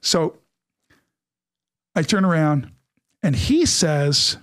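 A middle-aged man telling a story as an interview guest, animated and acting out the voices of the people in it. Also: fairly high pitch, extremely slow, no echo, clean studio sound. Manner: animated, acts out quoted dialogue.

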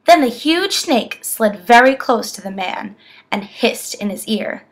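A young woman reading a children's picture book aloud with expressive storytelling. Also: on the high side, measured pace. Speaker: education student.

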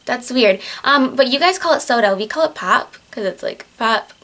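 Teen girl, Michigan accent, high voice, chatty, fed-up home vlogger. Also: expressive, moderate pace, pushed and bright. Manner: exasperated, chatty, lots of fillers and restarts. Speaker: vlogger on a group channel. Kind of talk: casual vlog rant. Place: at home, in winter.

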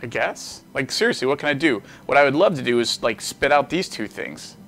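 A man hosting a livestream, casually commenting on his card game as he plays, animated and joking while he thinks aloud. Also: medium pitch, brisk, faint music behind. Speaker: host.

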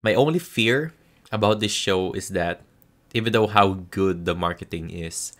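In a low, slightly bright voice at a moderate pace, a Filipino reviewer from the Philippines talks casually about a show in his Filipino accent. The delivery is halting, full of ums and restarts.

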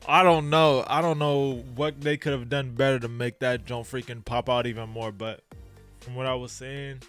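A man hosting a reaction video, talking heartfelt and slang-heavy, swinging from quiet reflection to loud exclamations. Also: mid-range voice, fairly even intonation, moderate pace, soft background music. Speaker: reaction channel host. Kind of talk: reacting to an anime.

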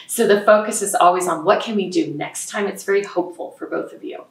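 A woman parenting expert giving calm, explanatory advice in an interview, acting out what parents might say. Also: mid-range voice, moderate pace, few pauses. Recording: roomy echo, mic at a distance.

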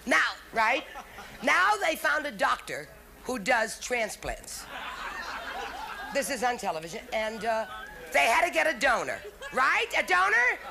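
A woman's voice: a little high, big pitch swings, measured pace, vocal fry, slight background noise. A middle-aged woman doing a bawdy stand-up routine, talking straight to the audience. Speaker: stand-up comedian. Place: theater stage with a live audience. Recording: 1970s TV special, loud crowd laughter.

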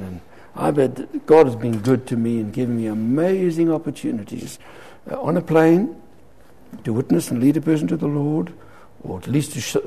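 A man's voice: mid-range voice, warm tone. An older man preaching a sermon, telling anecdotes and acting out both sides of conversations. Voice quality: gravelly and husky.

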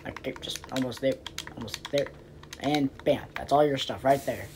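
A woman commentating casually on her game, rambling and playfully exasperated, breaking into quick pleading outbursts. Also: a bass voice, background noise. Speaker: game player.

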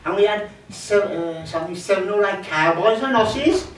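A man's voice: high-pitched, animated, moderate pace, slight background noise. A man at a folk club telling rambling comic anecdotes, chatty and jokey with lots of fillers. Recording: echoey room, mic from far off.

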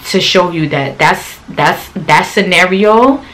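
A woman's voice: fairly low pitch, takes it slowly, fairly bright tone. A young woman, telling a storytime vlog in a blunt, slangy, profane way. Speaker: channel host.

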